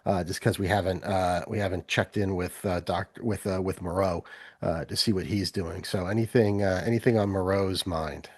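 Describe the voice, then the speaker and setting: A man narrating as game master, halting and full of fillers and restarts. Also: low-pitched, steady tone, a little mellow, breathy edge, dry recording, studio quality.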